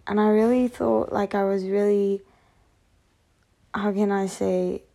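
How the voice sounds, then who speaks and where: A woman's voice: medium pitch, steady tone, unhurried, vocal fry, dark tone. A tired woman vlogging candidly to camera, rambling frankly and swearing often. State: tired from lack of sleep. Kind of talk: candid personal talk to camera.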